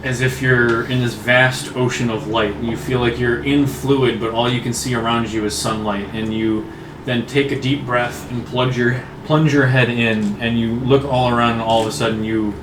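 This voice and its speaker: A man runs the tabletop game as its narrator, calling for rolls and painting scenes in a loose, laughing way. He sits a little back from the mic, so his voice comes through roomy and echoing over a steady background noise. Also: mid-range voice, moderate pace. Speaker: game master. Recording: echoey room, far from the mic, noisy.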